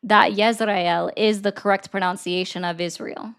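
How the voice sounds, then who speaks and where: A woman hosting a political commentary show, debating a man with pointed, rapid-fire questions. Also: medium pitch, steady tone, gravelly, fairly bright tone, smooth. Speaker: host. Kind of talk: argumentative debate.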